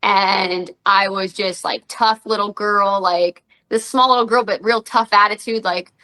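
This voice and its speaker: Woman, 30s, podcast guest; bright, animated storyteller who acts out quotes. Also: mid-range voice, measured pace, rough recording. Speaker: guest, professional wrestler and radio personality. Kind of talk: casual podcast interview.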